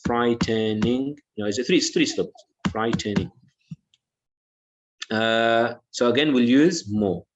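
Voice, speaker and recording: A man's voice: medium pitch, lively intonation, unhurried, pauses often, lo-fi sound, background noise. A male English teacher giving an online lesson, patiently repeating words and saying "yeah" often.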